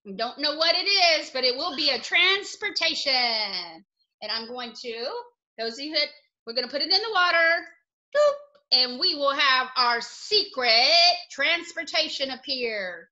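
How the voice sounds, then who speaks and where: High, bright, animated woman teacher. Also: measured pace, muffled recording. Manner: playful, animated, sound effects. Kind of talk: children's phonics lesson.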